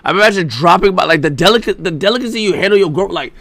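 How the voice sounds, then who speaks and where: A man with a raspy, gravelly voice reacts to clips on stream. He sounds incredulous and swears freely. His pitch swings widely and sits a touch high. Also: lively intonation, rapid-fire, fairly bright tone, dry recording. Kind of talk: casual reaction commentary.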